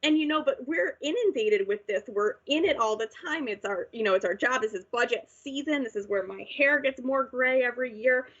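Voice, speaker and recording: A woman's voice: fairly high pitch, expressive, a little fast, few pauses, a bit bright, breathy edge. A woman speaking at a town budget hearing on a video call, earnest and emotional, with frequent restarts. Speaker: town finance official. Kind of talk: public meeting remarks. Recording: dull lo-fi video call audio.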